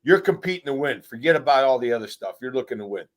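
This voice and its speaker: A man's voice: medium pitch, expressive, fast talker. A man, a former player appearing as a guest, giving direct, emphatic opinions in casual sports talk.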